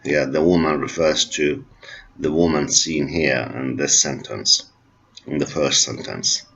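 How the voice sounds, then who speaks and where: A man with Arabic as his first language lectures on linguistics in a slow, deliberate way, repeating each point for his students. His voice is very deep and slightly husky. The recording sounds dull and lo-fi. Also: fairly even intonation, fairly bright tone. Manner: slow, repetitive explaining, switching between English and Arabic.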